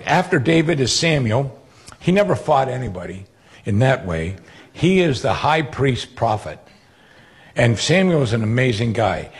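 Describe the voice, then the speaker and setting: A man preaching a sermon, retelling Bible stories with animated quoted voices. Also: medium pitch, vocal fry, slightly rough.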